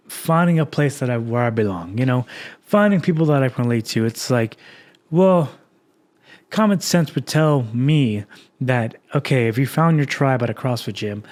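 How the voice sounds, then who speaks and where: A young man talks through his own life on his podcast, candid and rambling, full of fillers and false starts. His voice sits at an ordinary middle pitch for a man. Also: a little mellow. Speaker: podcast host. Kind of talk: reflective personal podcast monologue.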